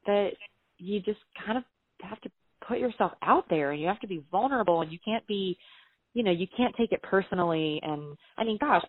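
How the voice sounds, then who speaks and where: Her voice is low-pitched with no echo, coming through a tinny, phone-like connection. She's a Southern woman and a guest writer who chats animatedly about her career, acting out the quoted exchanges in her stories.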